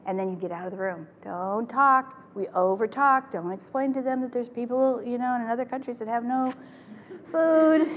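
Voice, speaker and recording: An older woman presenting a parenting workshop to a live audience, talking in an animated way and acting out the phrases she quotes. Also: a little high, brisk, dull audio. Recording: echoey hall with faint noise.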